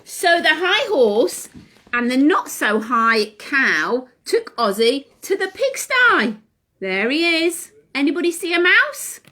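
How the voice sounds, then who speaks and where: A woman leading a children's session, reading a picture book aloud in an animated, sing-song way and asking the children questions. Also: high-pitched, slow pace. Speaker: children's class leader. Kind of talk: reading a story to young children.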